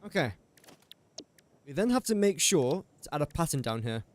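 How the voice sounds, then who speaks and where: This gaming streamer from England has a fairly high voice with big swings in pitch and a moderate pace. He's young and English, thinking aloud about factory maths in a building game while joking with his chat in a casual live-stream commentary.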